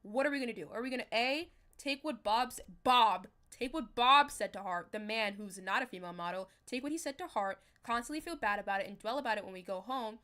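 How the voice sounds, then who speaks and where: A young woman chatting casually on a livestream as a manifestation coach, talking straight to her viewers in a loose, animated way. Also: on the high side, fairly quick, hardly any pauses. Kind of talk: casual livestream talk to chat.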